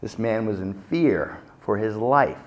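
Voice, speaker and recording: A middle-aged man preaching a sermon, telling stories dramatically and acting out the quotes with big swings in loudness. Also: on the low side, lively intonation, unhurried. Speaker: pastor.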